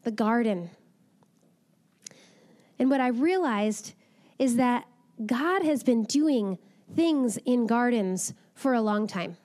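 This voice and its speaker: A woman giving a gentle, reflective devotional talk and reading a children's Bible story aloud. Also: fairly high pitch, expressive, takes it slowly. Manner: gentle, reflective, soft-spoken.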